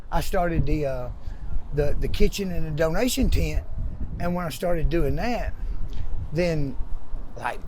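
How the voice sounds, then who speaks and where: Man, American, rambling storyteller, repeats himself, slightly high voice, outdoors, faint background ambience. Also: a little hiss or hum. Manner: rambling, repeats words, animated retelling. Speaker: interviewee telling his story. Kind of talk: casual storytelling. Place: outdoors in a park.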